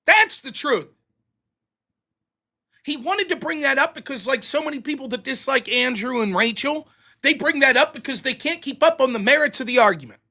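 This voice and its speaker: A man's voice: very high voice, animated, moderate pace, pushed and bright. A man hosting a live stream, ranting in a heated, profane, sarcastic way and mocking others in put-on voices. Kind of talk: ranting commentary.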